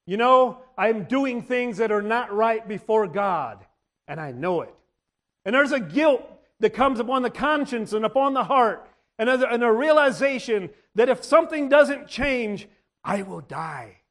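High-voiced man preaching a sermon. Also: expressive, a little slow. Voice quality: frequent throat clearing. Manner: repetitive, restarting phrases, dramatic emphasis.

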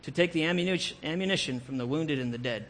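A man's voice: fairly high pitch, quick pace, fairly bright tone. A man voicing a stubborn, resolute army colonel who gives firm orders. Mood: commanding. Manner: firm and commanding.

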